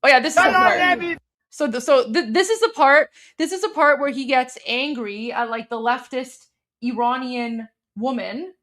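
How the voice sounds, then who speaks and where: A young woman from Iran chats through a livestream in a slightly high voice. She rambles and restarts, filling her talk with "like" and "um" as she explains things to her viewers. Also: moderate pace, fairly bright tone. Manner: chatty, many fillers and restarts, explaining a meme. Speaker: host. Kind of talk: casual livestream commentary.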